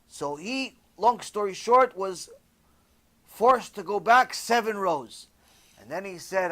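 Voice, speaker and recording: A man giving an animated, conversational sermon, telling a story and sprinkling in Hebrew terms. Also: high voice, slow. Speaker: religious teacher.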